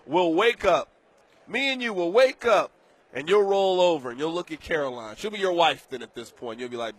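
A man hosting a sports radio show, delivering an animated, emphatic, joking monologue from a studio. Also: a little high, moderate pace, no room sound.

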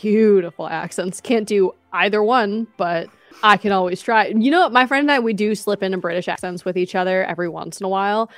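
A woman's voice: mid-range voice, a little fast, fairly bright tone, no room sound, faint music behind. A woman co-hosting a podcast in a casual, effusive and giggly way who calls herself unhinged. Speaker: podcast co-host.

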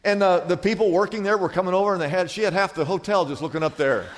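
Animated preacher in a reverberant hall. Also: male voice, high-pitched, quick pace, background noise. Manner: storytelling preacher, animated retelling. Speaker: pastor. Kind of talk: sermon. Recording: long reverb of a large hall.

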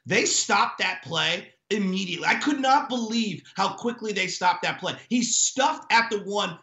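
High, gravelly man ranting about sports. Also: bright, forceful tone, roomy sound. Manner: ranting, emphatic and indignant. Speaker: sports talk co-host. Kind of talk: heated sports talk.

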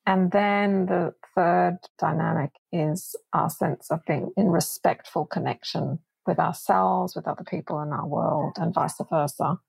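A woman being interviewed as a doctor and researcher, explaining her ideas in a thoughtful, measured way. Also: fairly low pitch, fairly even intonation, creaky, darkish tone, breathy edge, no echo, low-quality recording. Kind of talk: reflective interview answers.

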